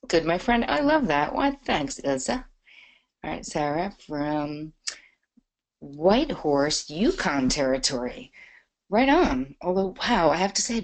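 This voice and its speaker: A middle-aged woman hosting a live online masterclass, chatty and bubbly as she greets viewers by name. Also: sits low. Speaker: webinar host. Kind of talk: live webinar chat.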